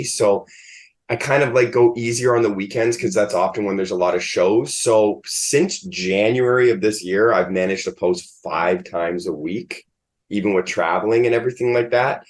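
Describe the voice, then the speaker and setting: A man, a comedian guest in a casual interview, rambling and filling his talk with "like". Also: lowish voice. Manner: rambling, filled with "like".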